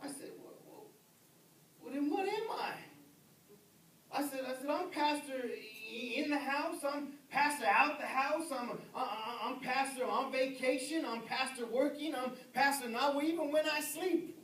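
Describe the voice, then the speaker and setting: A man's voice: very high voice, measured pace. Preaching man in an echoey church. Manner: swings from shouted emphasis to near-whisper, repeats words. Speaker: pastor. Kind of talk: sermon. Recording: echoey room heard from a distance.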